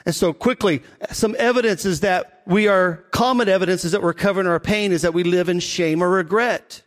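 A middle-aged man, a pastor, preaching a conversational sermon and slowing down on key points. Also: high voice. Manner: conversational preaching, slows for emphasis.

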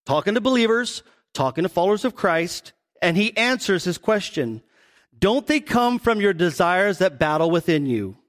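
High-voiced pastor preaching in a reverberant hall. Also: male voice, normal speed. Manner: animated, acts out quoted voices, asks the congregation questions. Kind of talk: sermon.

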